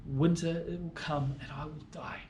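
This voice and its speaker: A man's voice: on the high side, steady tone, moderate pace, a little mellow, slight background noise, natural voice. A man voicing a small, anxious male swallow in a children's story, fretting and pleading. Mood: worried. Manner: fretful, pleading, exclaiming. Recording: echoey room.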